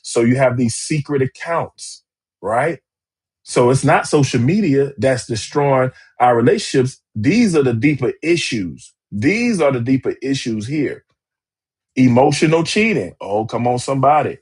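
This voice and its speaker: Husky man hosting a live talk. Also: medium pitch, animated, unhurried, darkish tone. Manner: emphatic and repetitive, calling out to viewers. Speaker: relationship podcast host. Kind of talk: live-streamed talk show.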